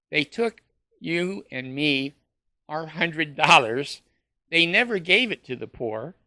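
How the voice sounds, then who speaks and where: A man's voice: fairly high pitch, pushed and bright, no room sound, clean studio sound. A man ranting in a sarcastic monologue, mocking with short laughs and stumbling over fillers. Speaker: former church member ranting to camera.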